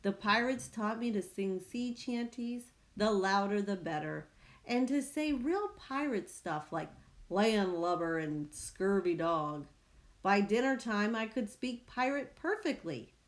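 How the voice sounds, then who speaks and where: A woman reading a children's picture book aloud, with slow, expressive storytelling. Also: mid-range voice. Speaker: reader.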